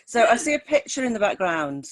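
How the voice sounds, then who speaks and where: A woman's voice: a little high, very animated, fairly quick. A woman with a light northern English accent, hosting a casual interview chat with friendly, upbeat questions over a video call. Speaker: host.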